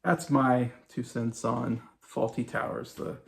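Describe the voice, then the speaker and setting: A man's voice: mid-range voice, level tone, slow, gravelly. A man around forty giving a casual, rambling review of a TV show, full of fillers and little chuckles. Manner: rambling, loose retelling with many fillers and chuckles.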